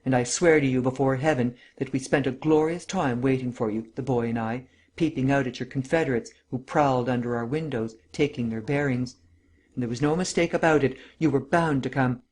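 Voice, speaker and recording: A man's voice: mid-range voice, fairly quick, darkish tone, lightly acted. A man voicing a vengeful, scheming middle-aged widow in an audiobook, mocking and gloating and stressing each word. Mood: gloating scorn. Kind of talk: audiobook character reading.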